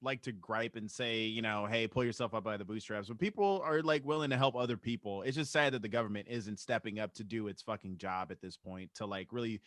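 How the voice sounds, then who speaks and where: A man's voice: lowish voice, fairly quick, few pauses, fairly bright tone, no room sound, clean studio sound. A man co-hosting a casual podcast chat, speaking earnestly and swearing casually. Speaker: podcast co-host.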